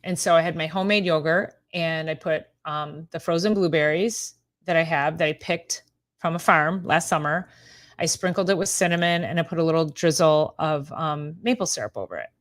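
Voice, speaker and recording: A woman's voice: deep voice, normal speed. A middle-aged woman hosting a casual live-stream chat as a chiropractor. She rambles, laughs often and talks straight to her viewers by name. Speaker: host, chiropractor.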